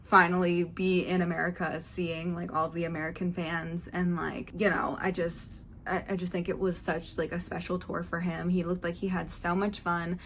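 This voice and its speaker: A young woman vlogger telling a rambling, excitable story about a concert, full of fillers and quoted asides. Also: lowish voice, moderate pace, hardly any pauses, a little hiss or hum. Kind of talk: chatty concert recap vlog.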